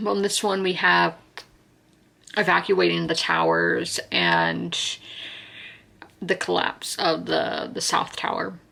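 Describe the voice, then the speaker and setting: A woman in her twenties from South Carolina talks through her reading in a casual book vlog. Her voice sits a little low and is full of vocal fry. She rambles warmly, with frequent fillers and restarts. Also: steady tone, takes it slowly, long pauses. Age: 20s. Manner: chatty, rambling, heartfelt, many fillers and restarts. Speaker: book vlogger.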